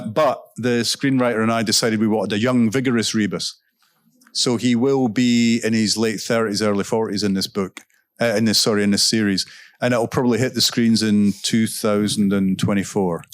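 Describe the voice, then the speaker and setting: A man, an author guest at a literary festival, telling anecdotes onstage and answering audience questions in a relaxed, chatty way with frequent ums and self-corrections. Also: fairly low pitch, normal speed, no room sound. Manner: laughs while telling stories. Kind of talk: casual onstage storytelling and Q&A. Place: stage at a live event.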